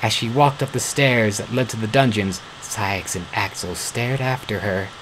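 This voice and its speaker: A man's voice: fairly low pitch, moderate pace, noisy background. A man reading a fan story aloud, stumbling and correcting himself now and then. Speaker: fan-fiction reader.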